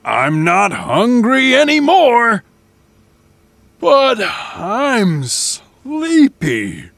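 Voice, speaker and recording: A storybook reader voicing a big, hungry male giant who roars slowly for his lunch. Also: mid-range voice, wildly swooping pitch, gravelly, a bit bright, dry recording, voice pushed up, heavily acted. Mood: content. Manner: slow, drawn-out roaring.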